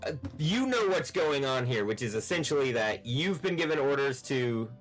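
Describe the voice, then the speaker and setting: A man's voice: medium pitch, sing-song, moderate pace, faint music behind. A man running a tabletop game over an online call, narrating loosely with many fillers. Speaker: game master.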